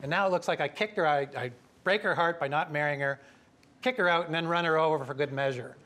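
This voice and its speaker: A middle-aged man with a somewhat high voice tells an animated story to a room of listeners. He switches into different voices for the people he quotes, keeping a quick, lively pace. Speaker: professor telling a story at a talk.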